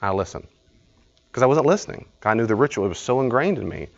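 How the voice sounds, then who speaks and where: A man's voice: medium pitch, animated, fast talker, creaky, highs cut off. A man leading a live study group. He teaches informally, tells stories, acts out conversations and laughs often.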